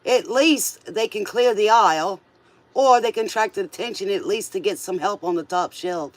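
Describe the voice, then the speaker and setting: High-voiced man reading tarot cards. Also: moderate pace, slight background noise. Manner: chatty and playful, with joking asides. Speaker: tarot reader.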